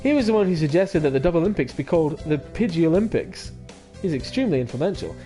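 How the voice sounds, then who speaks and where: A man voicing a pompous male pigeon, speaking slowly and theatrically with a failed attempt at a French accent. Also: a little high, animated, dark tone, soft background music, close to an everyday voice. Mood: grandiose.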